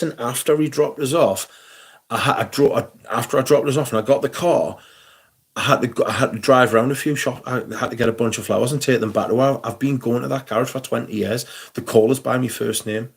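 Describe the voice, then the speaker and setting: A middle-aged man, telling an animated, swear-filled story on a casual livestream. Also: medium pitch, fairly quick, vocal fry. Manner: swearing, animated anecdote with quoted voices. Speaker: livestream host.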